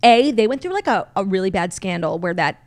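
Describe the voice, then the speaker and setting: A woman's voice: medium pitch, animated, fairly quick. A young woman co-hosting a podcast, chatting casually with many "like" fillers. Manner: chatty, many "like" fillers, sings snatches of songs. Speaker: podcast co-host. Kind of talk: casual chat.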